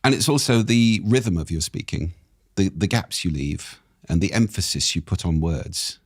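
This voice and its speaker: A man, a speaking expert and podcast guest, explaining things in a measured way with examples, his voice a little croaky. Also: low voice, dry recording, studio quality. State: slightly croaky. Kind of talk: explanatory interview talk. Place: podcast studio.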